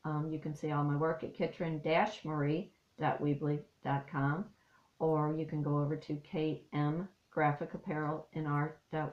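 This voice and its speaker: A woman's voice: lowish voice, roomy sound, muffled recording. A woman from Missouri, an artist and life coach, talking in a heartfelt, rambling way with many fillers, choked up at times. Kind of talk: personal vlog monologue. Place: her home.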